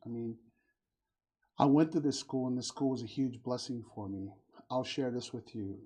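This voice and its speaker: A man's voice: medium pitch, normal speed, slightly rough. A middle-aged man hosting a casual talk show, telling stories and acting out the voices of the people in them. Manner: warm storytelling, acts out quoted voices. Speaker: podcast host. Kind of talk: casual conversation.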